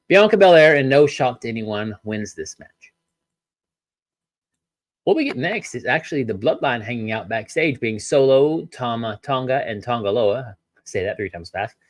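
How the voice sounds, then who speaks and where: A man's voice: on the low side, no echo. Man, podcast host, ranting, rhetorical questions, dry close sound. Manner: ranting, rhetorical questions, frequent apologies for tangents. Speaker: wrestling review podcast host. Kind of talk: solo review podcast.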